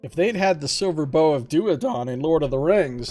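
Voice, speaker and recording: A man's voice: on the high side, expressive, moderate pace, hardly any pauses, a little mellow, soft background music. A man casually chatting and reading a fantasy gamebook aloud on a stream, joking and singing silly ditties. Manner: jokey, goofs around and sings silly ditties. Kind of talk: casual let's-play chat and read-aloud narration.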